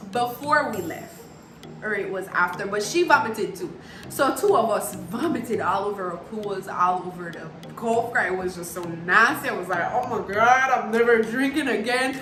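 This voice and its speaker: Bright echoey Belizean woman telling a story. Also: mid-range voice, measured pace. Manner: animated, laughing, emphatic. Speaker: vlogger. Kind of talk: casual storytime. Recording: echoey room with faint music.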